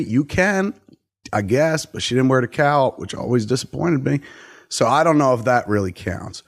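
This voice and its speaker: A man hosting a podcast interview, talking in a loose, jokey, profane way and slipping into silly voices. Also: mid-range voice. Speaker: podcast host. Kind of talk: casual interview chat.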